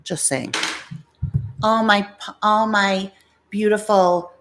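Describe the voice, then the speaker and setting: A woman's voice: medium pitch, takes it slowly, a bit bright, slight background noise. A middle-aged woman from New York, hosting a casual live stream with blunt opinions, many fillers and rambling tangents, into an ASMR microphone. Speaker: YouTube live-stream host.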